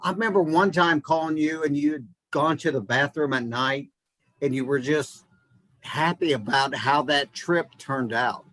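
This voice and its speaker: A man's voice: on the high side, measured pace, fairly bright tone, no room sound, poor audio. A man hosting an interview, talking in a conversational and encouraging way. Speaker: host. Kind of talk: casual interview.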